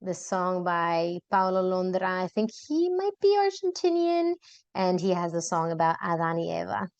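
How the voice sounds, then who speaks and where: A young adult woman gives a relaxed podcast lesson, explaining each word patiently and saying it again slowly. Her voice sits a little low, and the dry sound suggests a small quiet room close to the mic. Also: no echo, muffled recording. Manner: explains patiently, repeats words slowly, casual asides. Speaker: Spanish teacher and podcast host.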